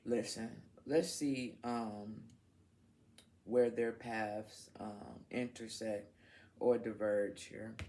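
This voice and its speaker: Woman tarot reader, casual and unfiltered, swears, unhurried delivery. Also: very deep voice, fairly even intonation, mellow, slight background noise. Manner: frank, swears freely, laughs, talks to her viewers. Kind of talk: casual tarot reading to camera.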